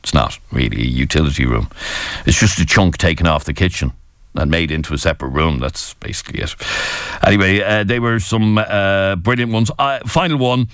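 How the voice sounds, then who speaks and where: An Irish man hosting a phone-in radio talk show, jokey and animated as he reads out listener messages. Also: sits low, a little fast, no room sound, clean studio sound. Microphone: studio microphone.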